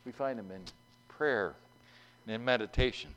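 A man's voice: mid-range voice, normal speed, a bit bright, clear, resonant tone, muffled recording. A man preaching a sermon in a folksy way, asking the congregation questions and acting out the voices in a story he tells. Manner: acts out voices in a told story.

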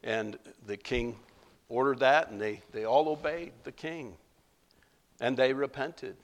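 A man preaching a sermon as pastor, animated, acting out quoted voices with big jumps in pitch. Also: a little slow.

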